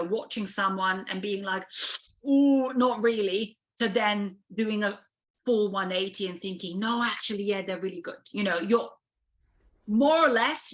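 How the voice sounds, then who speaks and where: A woman's voice: mid-range voice, a bit bright. Serbian-accented woman casting director. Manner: frank, lots of fillers and restarts. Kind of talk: interview conversation.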